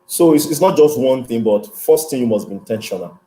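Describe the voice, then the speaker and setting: A man's voice: mid-range voice, expressive, a little fast, warm tone, rough recording. Earnest man giving parenting advice. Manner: earnest, instructive, checks in with "okay?". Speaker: guest speaker. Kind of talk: advice-giving interview talk.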